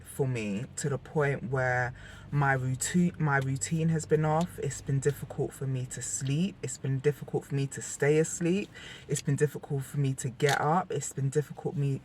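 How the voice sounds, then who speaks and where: A woman's voice: sits low, darkish tone, a little hiss or hum. Candid young woman vlogging about her feelings. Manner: candid, emotional, rambling with restarts. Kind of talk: personal vlog talk.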